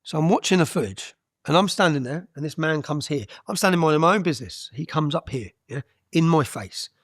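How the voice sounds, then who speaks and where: Blunt guy on a podcast, lively and a bit high, keeps tagging "yeah?" on everything. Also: fairly quick, no echo, studio quality. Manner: animated storyteller, tags sentences with "yeah?"; blunt, swears freely. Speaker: interview guest. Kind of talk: podcast interview storytelling.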